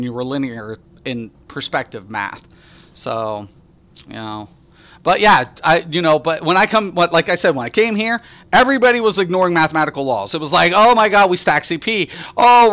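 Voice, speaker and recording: Bright-voiced ranting male streamer. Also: a little high. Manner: profane, ranting, rambling with many fillers. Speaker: streamer answering chat. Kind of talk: casual live-stream chat.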